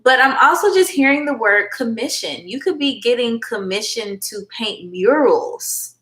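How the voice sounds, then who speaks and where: A woman's voice: fairly high pitch, lively intonation, a little slow, a bit bright. A woman giving a chatty, affectionate live tarot reading, calling viewers honey and baby girl. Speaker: tarot reader and livestream host. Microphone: phone. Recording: echoey room.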